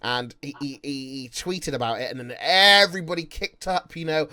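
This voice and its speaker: A man hosting a streamer talk show over a call, rambling and animated with lots of fillers. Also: a little high, normal speed. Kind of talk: casual group chat on a call.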